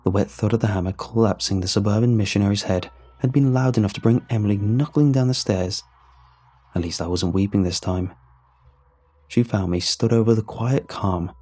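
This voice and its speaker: A man reads a first-person horror story in calm, measured narration. His voice is low, dark and a little husky, and faint music plays underneath. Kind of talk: scripted narration.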